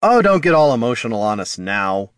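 A man voicing a brisk, impatient adventurer who talks in a snappy, sarcastic way. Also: mid-range voice, very animated, dry recording, clean studio sound, natural voice.

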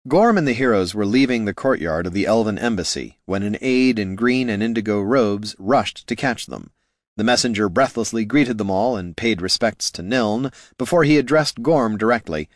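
A man narrating a fantasy story aloud in expressive scripted narration. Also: on the low side, moderate pace, no room sound, studio quality. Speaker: audiobook narrator.

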